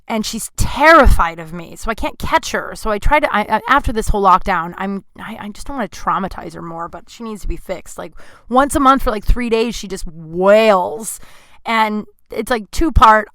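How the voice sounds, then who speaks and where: A woman's voice: medium pitch, sharp tone, smooth, no echo. A woman in her thirties hosting a podcast from her apartment, rambling through casual stories with lots of fillers and asides. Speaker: podcast host. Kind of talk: casual storytelling. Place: home apartment.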